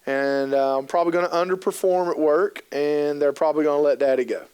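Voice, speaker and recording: A fairly high-voiced man in his thirties tells funny stories to a live audience, dropping into little acted-out voices now and then. His tone is smooth and clear, and his delivery stays loose and conversational, with plenty of fillers. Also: fairly even intonation, brisk, a little mellow. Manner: jokey, acts out quoted voices, lots of fillers. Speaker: keynote speaker on youth work. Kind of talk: humorous storytelling talk to an audience. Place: conference hall.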